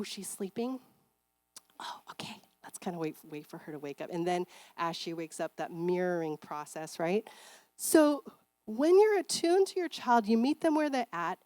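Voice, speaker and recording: A middle-aged woman giving a church seminar talk on parenting, chatty and animated, acting out parents and kids in bright voices. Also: mid-range voice, no room sound. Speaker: seminar speaker.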